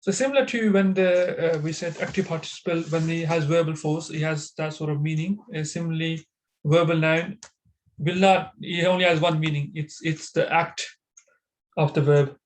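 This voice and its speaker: A man teaching an online Arabic grammar class over a video call, talking haltingly with many fillers and restarts. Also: on the high side, fairly even intonation, a little hiss or hum, low-quality recording.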